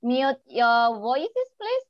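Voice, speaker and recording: A woman's voice: high-pitched, sing-song, extremely slow, no echo. A woman whose first language is Indonesian, moderating a webinar in English over a video call, polite and hesitant, with fillers. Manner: polite, hesitant, with fillers and non-native phrasing. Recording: dull, dry video call audio.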